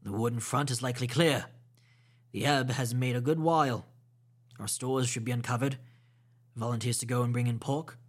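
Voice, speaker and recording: A man doing a gruff old sea captain. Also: medium pitch, moderate pace, pauses often, lightly acted. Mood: steady, blunt. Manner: blunt, clipped seafaring talk. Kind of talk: audiobook reading.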